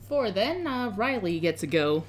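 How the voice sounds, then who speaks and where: A woman's voice: mid-range voice, sing-song, moderate pace. Casual woman narrating as dungeon master. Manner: casual, filler-heavy narration. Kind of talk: narrating a tabletop game.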